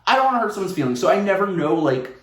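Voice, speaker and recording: Lively sarcastic man in an echoey room. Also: sits high, racing. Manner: animated, sarcastic, laughing often. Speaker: vlogger. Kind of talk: casual storytime monologue. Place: at home. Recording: roomy echo.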